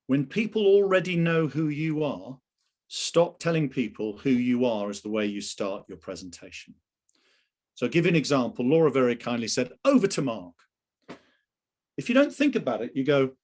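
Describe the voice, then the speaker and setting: A man's voice: medium pitch, darkish tone. A middle-aged man presenting a webinar on a video call, coaching sales teams in a conversational way and putting questions to the audience.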